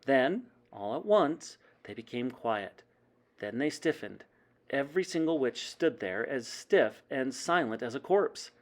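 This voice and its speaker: A man reading a children's book aloud in a dramatic, animated way, like a teacher at story time. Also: mid-range voice, a little slow.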